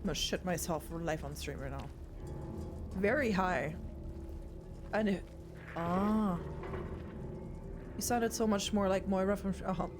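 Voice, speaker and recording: A woman's voice: mid-range voice, moderate pace, long pauses, music in the background. A young woman streaming a horror game, chatting casually with her viewers and swearing often. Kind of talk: casual live gameplay chat.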